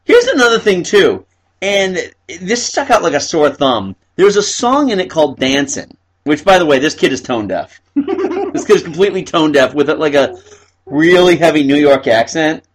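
Lively high-voiced man hosting a podcast. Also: moderate pace. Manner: animated, laughing, mimics characters. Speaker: podcast host. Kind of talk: casual film review chat.

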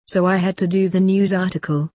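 A woman's voice: fairly low pitch, flat delivery, fairly quick, warm tone, no echo, lightly acted. A woman reading the lines of a scheming female vampire reporter in a short story, talking in a cunning, matter-of-fact way.

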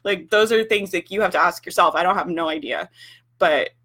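A woman's voice: on the low side, a little fast, fairly bright tone. A young woman hosting a casual livestream for business owners, talking frankly with lots of "like" fillers and the odd swear word.

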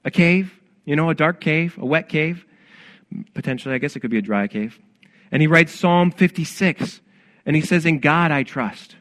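A man's voice: on the high side, normal speed, a bit bright. Earnest, conversational male pastor. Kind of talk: sermon.

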